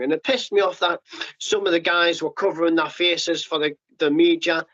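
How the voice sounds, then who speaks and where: A middle-aged man telling his story as a podcast guest, blunt and sweary, with quick restarts and acted-out quotes. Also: fairly high pitch, steady tone, fairly bright tone. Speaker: podcast guest, former paratrooper. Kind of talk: candid storytelling interview. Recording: muffled lo-fi podcast audio.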